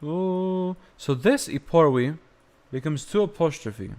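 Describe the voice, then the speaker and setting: A young man teaching chant on a live stream, explaining slowly and breaking into short sung phrases. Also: a little high, animated, darkish tone. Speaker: music teacher.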